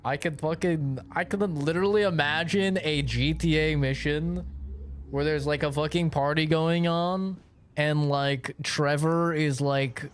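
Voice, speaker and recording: A man's voice: fairly high pitch, steady tone, unhurried. A young man streaming a game, rambling in casual, profane commentary and laughing often. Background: game music.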